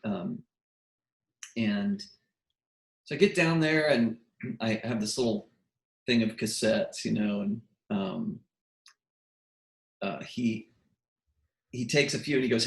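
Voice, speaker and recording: A man's voice: fairly low pitch, a little slow, creaky, pauses often. Man telling stories in an echoey room. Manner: animated, acts out quotes, frequent restarts. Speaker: guest musician. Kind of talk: casual interview storytelling.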